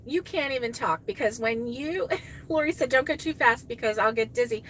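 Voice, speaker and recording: A woman's voice: fairly high pitch, moderate pace, a bit bright, slight background noise. A woman hosting a crochet live stream, chatting casually with viewers and reading out their comments, gushing and exclaiming often. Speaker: crochet channel host reading live chat.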